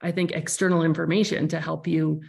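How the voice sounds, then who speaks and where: A woman's voice: deep voice, level tone, a little fast, gravelly, darkish tone. A woman hosting a podcast interview, talking in a thoughtful, searching way with frequent restarts. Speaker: podcast host. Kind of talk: reflective conversational interview.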